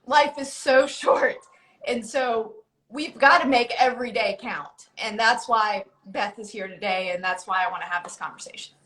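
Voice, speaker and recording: A woman's voice: medium pitch, moderate pace, sharp tone, reverberant. A woman hosting a casual live-stream conversation, speaking earnestly about her own life. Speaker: host.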